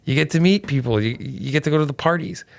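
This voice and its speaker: A man in his thirties, a comedian guest telling animated stories in casual chat, swearing freely and saying "man" and "dude" a lot. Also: fairly high pitch, fast talker, creaky. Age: 30s.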